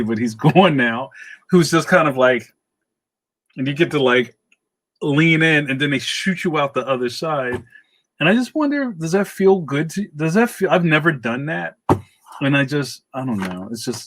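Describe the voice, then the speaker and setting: Animated New York man hosting a stream. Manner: animated, slangy, jumps up in pitch when excited. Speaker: livestream host. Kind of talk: casual chat reading viewer comments.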